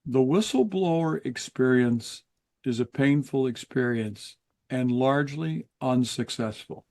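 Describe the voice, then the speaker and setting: An older man, a guest author in an interview, explaining in an earnest, measured way with pauses. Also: mid-range voice, a little mellow. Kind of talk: interview conversation.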